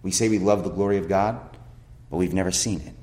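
Lower-voiced male pastor preaching emphatically. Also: steady tone, fast talker, warm tone. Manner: emphatic preaching with rhetorical questions and scripture quotes. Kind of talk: sermon.

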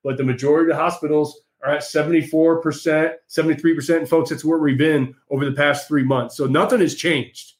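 A man's voice: fairly high pitch, fairly even intonation, a little fast, few pauses. A man hosting an opinionated political monologue, combative and mocking, talking straight to his listeners. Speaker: political commentary host.

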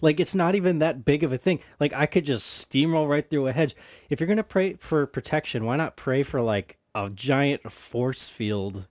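A man's voice: a little high, lively intonation, normal speed, darkish tone, no room sound, studio quality. A man hosting a casual podcast chat, easygoing and heavy on fillers like "like" and "you know". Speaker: podcast host.

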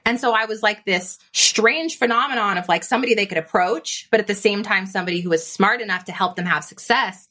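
Woman, business coach as podcast guest; bright, animated storyteller, mid-pitched, acts out her own inner dialogue. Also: a little fast, hardly any pauses. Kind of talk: conversational interview storytelling.

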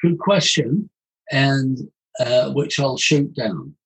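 A man, a voice coach explaining ideas in an animated conversational way. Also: mid-range voice, slow pace, rough recording. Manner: animated, demonstrates vocal sounds. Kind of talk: conversational teaching.

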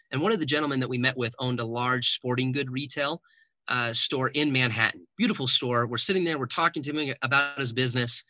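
Male interview guest, lively storyteller, very bright tone, dry close sound. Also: medium pitch, no room sound. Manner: animated storyteller who acts out quoted dialogue. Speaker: guest, keynote speaker and author.

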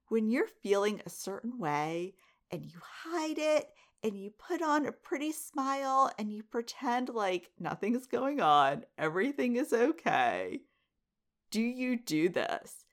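A woman's voice: medium pitch, very animated, takes it slowly. A middle-aged woman hosting a podcast, talking casually in a monologue. She often laughs and puts direct questions to her listeners. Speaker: podcast host.

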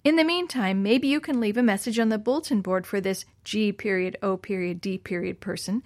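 A woman's voice: medium pitch, brisk, no echo, natural voice. Smart teasing storybook girl, read by a woman; close, dry recording. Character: clever teasing young girl.

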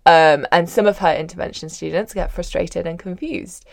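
A woman hosting a podcast, reading listener questions and adding brisk, friendly comments. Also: lowish voice, steady tone, vocal fry, dry recording, clean studio sound. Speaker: podcast host.

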